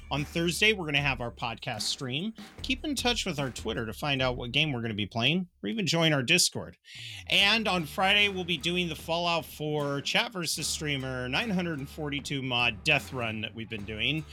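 Bright upbeat man hosting a podcast. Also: mid-range voice, expressive, a little fast. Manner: upbeat, runs through the schedule. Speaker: podcast host. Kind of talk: casual podcast chat and announcements.

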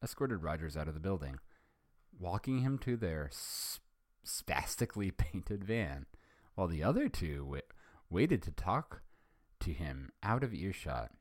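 A man's voice: deep voice, sing-song, unhurried, no room sound, clean studio sound. A man hosting a podcast, reading fan fiction aloud and chatting hesitantly, with many ums and self-corrections. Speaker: podcast host.

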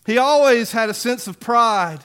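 A man's voice: extremely high pitch, expressive, unhurried, bright, forceful tone, clean tone. A man in his forties preaching a sermon, telling stories in a conversational way with self-deprecating humor. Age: 40s. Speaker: pastor.

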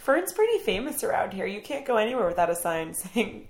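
A woman's voice: medium pitch, big pitch swings, a little fast, echoey room. Chatty young woman telling a story. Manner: chatty, lots of "like", acts out quotes. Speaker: comedy vlog co-host. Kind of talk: casual comic chat.

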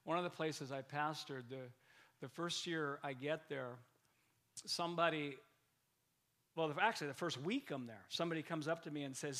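A male pastor preaching with energy, his voice bright and forceful and fairly high. He restarts and repeats words, then punches key lines with sudden loud emphasis. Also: moderate pace. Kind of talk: lively sermon.

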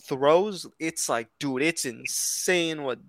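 Gravelly slangy man on a sports podcast. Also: on the high side, slow, fairly bright tone, no room sound. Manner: slangy, says bro and dude. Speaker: podcast guest. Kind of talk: casual sports chat.

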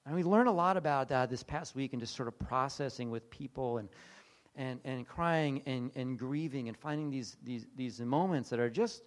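A man's voice: mid-range voice, moderate pace. A middle-aged man preaching in a conversational sermon style, telling personal stories and acting out the dialogue. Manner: conversational, animated, acts out dialogue. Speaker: pastor. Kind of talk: sermon storytelling.

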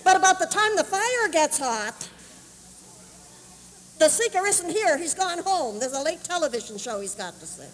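A woman preacher telling a sermon story, animated and acting out voices, on an old camp meeting tape. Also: very high voice, normal speed. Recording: 1981 camp meeting tape, roomy hall.

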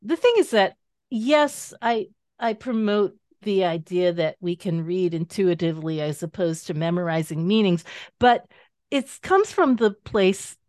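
Lower-pitched woman explaining with easy laughs. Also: measured pace, no echo, clean studio sound. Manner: animated and explanatory, laughs easily. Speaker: guest author and tarot teacher. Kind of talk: casual interview conversation.

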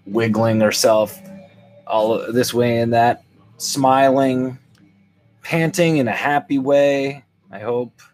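An older man hosting a podcast, telling a rambling, wry comic monologue to his listeners. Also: mid-range voice. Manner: rambling, wry, animated swings into quoted voices. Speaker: podcast host. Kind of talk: solo comedic monologue.

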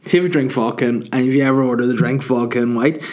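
A man's voice: medium pitch, fairly even intonation, quick pace, darkish tone. A man, getting over a cold, rambling through a sweary, self-mocking podcast monologue and laughing at his own jokes. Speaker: comedian hosting a podcast.

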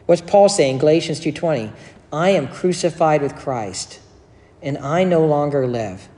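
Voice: medium pitch, lively intonation, unhurried, mellow. A pastor delivering a sermon, explaining scripture in a conversational way with joking asides. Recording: echoey hall with long reverb.

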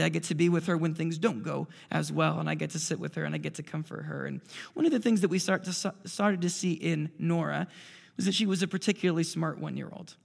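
Man, 30s, pastor, sermon, high-pitched, gravelly, animated storytelling, long hall reverb. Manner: animated storyteller, swings between loud bursts and quiet asides. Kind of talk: sermon with personal stories. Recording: preacher's voice ringing in a large reverberant hall.

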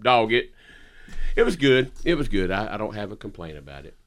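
A man's voice: fairly low pitch, sing-song, fast talker. A man hosting a podcast, chatting casually and telling folksy stories with lots of laughter. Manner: folksy storyteller, laughs a lot. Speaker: podcast host.

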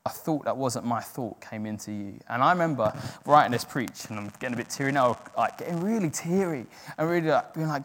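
A man's voice: medium pitch, animated, a little fast, hardly any pauses, fairly bright tone. A man preaching a sermon in an earnest, self-deprecating way, acting out the doubting voices in his head. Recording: long hall reverb.

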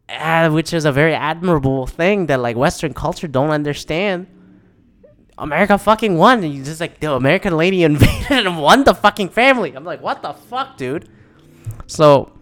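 A man giving a casual, rambling movie review, swearing often and acting out his own reactions in quotes. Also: on the high side. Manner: profane, rambling, animated, mock-quoting his own reactions.

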